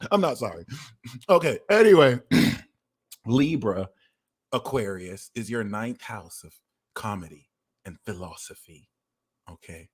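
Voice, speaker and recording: A man hosting an astrology reading livestream, talking in an animated, profane rant and sometimes shouting. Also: fairly low pitch, slow, pauses often, husky. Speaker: astrology reader.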